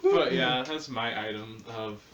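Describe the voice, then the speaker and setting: A man's voice: lowish voice, wildly swooping pitch, unhurried, a bit bright. A young man joking around on a podcast, laughing often at his friends. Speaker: podcast co-host. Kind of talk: casual chat. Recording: roomy, far from the mic, faint noise.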